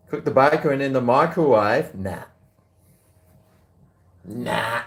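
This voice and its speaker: A man's voice: mid-range voice, expressive, slow pace, vocal fry, long pauses, fairly bright tone, roomy sound, distant mic. A man with an Australian accent, chatting bluntly and rambling while he cooks in his home kitchen, swearing freely. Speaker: cooking vlogger. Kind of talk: casual talk to camera while cooking.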